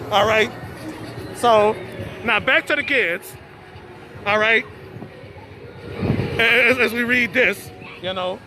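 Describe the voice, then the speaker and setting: A man hosts a casual live stream from an outdoor birthday party, chatty and repeating his words as he stammers. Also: very high-pitched. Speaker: host of a live stream show. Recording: phone recording outdoors, party music and crowd. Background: music and children at a party.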